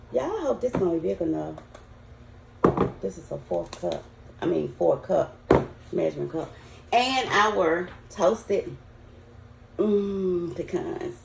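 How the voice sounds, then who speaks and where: An older Southern woman with a low, gravelly voice talks folksy and chatty straight to her viewers. Her voice swings up and down a lot as she cooks, and the kitchen sounds roomy and echoey. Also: animated, unhurried, pauses often, noisy background. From Southern United States. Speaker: home cook. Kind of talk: casual cooking vlog. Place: home kitchen.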